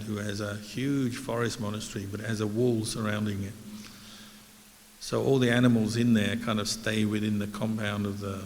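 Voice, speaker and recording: Low, even-toned monk telling a story. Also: male voice. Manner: easygoing, anecdotal, gentle humor. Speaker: Buddhist monk teacher. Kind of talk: relaxed dharma talk storytelling. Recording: hall reverb with faint hiss.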